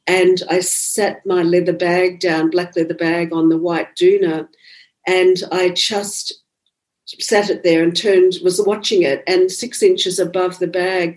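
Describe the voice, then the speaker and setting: A woman's voice: lowish voice, rough recording. A woman, a psychic medium recounting her experiences in a conversational interview, acting out the dialogue she quotes. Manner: animated, acts out quoted dialogue. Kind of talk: conversational storytelling.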